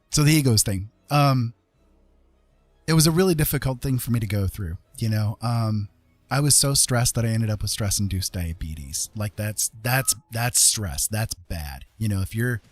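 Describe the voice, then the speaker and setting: A man's voice: lowish voice, expressive, unhurried, no echo, soft background music. A middle-aged man hosting a livestream, talking casually in a loose, rambling way with lots of fillers and restarts. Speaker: livestream host.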